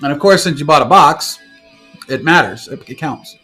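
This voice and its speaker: A young man on a live stream, casually opening card packs and rattling off card names, with bursts of excitement. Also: fairly high pitch, moderate pace, faint music behind.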